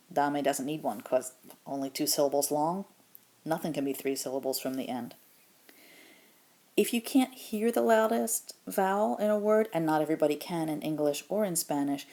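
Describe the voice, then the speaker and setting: A woman teaching a grammar lesson, explaining patiently step by step and modeling example phrases slowly. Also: low voice, mellow. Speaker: Spanish teacher.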